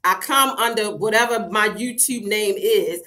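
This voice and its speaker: A middle-aged woman vlogs in a casual chat to camera, her medium-pitched voice unhurried, bright and forceful. She talks frankly and straight to her viewers, calling them "girl," laughing often and swearing a lot.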